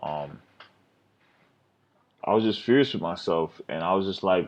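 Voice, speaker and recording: A man with a very low, deep voice talks through his trades in a loose, rambling way, often scolding himself and swearing. The sound is dull and lo-fi, like a computer mic on a screen recording. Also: moderate pace, long pauses.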